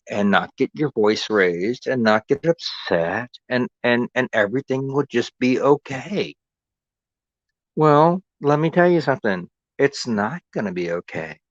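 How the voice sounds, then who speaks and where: A man in the middle of a sarcastic, confrontational rant on his own stream, circling back over the same points. His voice sits at an ordinary pitch. The sound is dry and a little dull, like lo-fi stream audio. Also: no room sound. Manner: sarcastic, confrontational, repeats himself. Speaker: live streamer. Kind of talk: angry ranting monologue.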